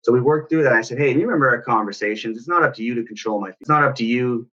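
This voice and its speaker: Male parenting coach, earnest and reflective, bright forceful voice, lo-fi recording. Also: mid-range voice, racing. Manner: earnest, reflective storytelling with restarts. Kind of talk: personal story in casual talk.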